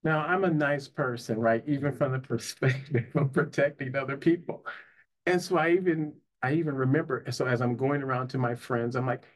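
A man's voice: mid-range voice, a little fast. A man, a psychotherapist and life coach, telling an emotional personal story in earnest, often checking in with "right?" and "you know". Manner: earnest, tag questions, frequent "you know".

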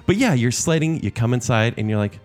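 A man's voice: medium pitch, expressive, a little fast, faint music behind. A man co-hosting a podcast, joking and teasing in casual banter. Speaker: podcast co-host. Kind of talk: casual chat.

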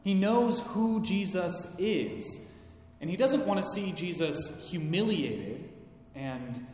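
A male pastor preaching at an unhurried pace, pausing for dramatic effect, his voice sitting a little high. The sound bounces around a large hall with long reverb and a faint rumble. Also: expressive, a little mellow. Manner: slow, deliberate, dramatic pauses. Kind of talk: sermon.

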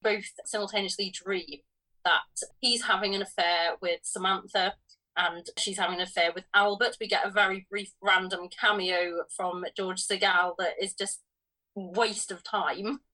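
Bright-voiced woman reviewing a film. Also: medium pitch, fairly even intonation, unhurried, low-quality recording. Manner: questioning, incredulous. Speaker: podcast co-host. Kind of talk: casual film review chat.

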